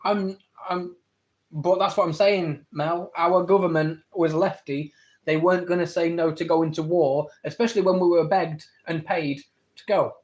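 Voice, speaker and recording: A man's voice: fairly high pitch, fairly even intonation, a little mellow. A man with an English accent on a live stream, arguing his points to viewers and answering their comments. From England. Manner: argumentative, rapid back-and-forth rebuttals; reads viewer comments aloud and answers them. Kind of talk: live-stream debate with chat.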